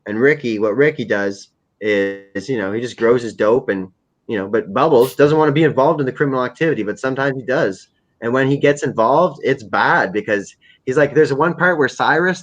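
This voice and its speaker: A man hosting a casual livestream, rambling through stories with plenty of swearing and filler words. His voice sits at an ordinary middle pitch. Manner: rambling and profane, with many fillers. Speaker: livestream host. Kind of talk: casual chat.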